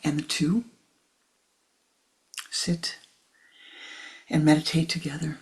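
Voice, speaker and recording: A woman spiritual teacher telling a story in a sermon, hushed and dramatic, often sliding into a whisper. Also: low voice, level tone, slow.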